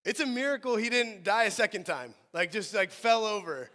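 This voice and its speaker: Brief: male pastor, high voice, animated sermon, echoing sanctuary. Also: moderate pace. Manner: animated preaching, swinging from soft to loud. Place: church sanctuary.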